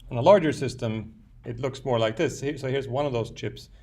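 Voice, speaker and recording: Male lecturer, medium pitch, gravelly voice, halting classroom delivery full of ums and restarts. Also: a little mellow. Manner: thinks aloud with frequent fillers and restarts. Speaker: university lecturer. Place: lecture room.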